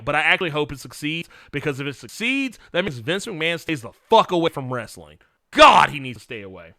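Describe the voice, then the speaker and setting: A man hosting a livestream, chatting frankly and excitably, laughing often and swearing as he answers viewer questions. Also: on the high side, no room sound, clean studio sound. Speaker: livestream host.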